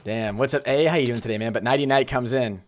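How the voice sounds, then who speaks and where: A young man streaming a video game live, chatting casually and excitedly while thanking viewers. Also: mid-range voice, fast talker. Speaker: streamer host. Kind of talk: live gameplay commentary.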